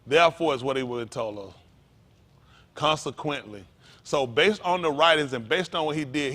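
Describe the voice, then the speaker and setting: A man preaching an interactive sermon, calling out to his congregation in with a lively, animated manner. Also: mid-range voice. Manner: animated, calls out to the congregation, folksy vernacular. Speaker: pastor.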